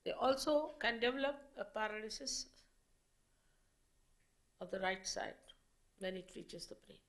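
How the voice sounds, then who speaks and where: A woman giving a public spiritual lecture as a teacher, explaining slowly and in measured phrases with pauses. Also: mid-range voice.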